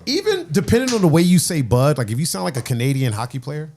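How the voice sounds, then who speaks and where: A man's voice: on the high side, big pitch swings, quick pace, a little mellow, faint music behind. A man hosting a casual birthday podcast with friends, rambling and laughing often. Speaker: podcast host.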